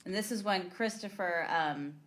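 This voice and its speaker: A woman's voice: on the low side, moderate pace, a bit bright. Chatty woman recapping a movie. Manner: chatty, recounts scenes, laughs along. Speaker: podcast co-host. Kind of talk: casual movie-recap chat.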